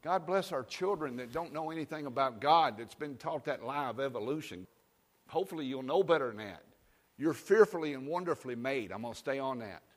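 A pastor preaching a sermon, calling for amens and swinging between booming and hushed delivery. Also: male voice, expressive, fairly quick. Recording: long hall reverb.

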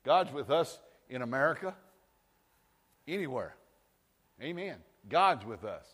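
A man preaching a sermon, firing rhetorical questions and rising to shouts. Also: medium pitch, big pitch swings, unhurried, long pauses, husky, long reverb tail. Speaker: pastor. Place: church sanctuary.

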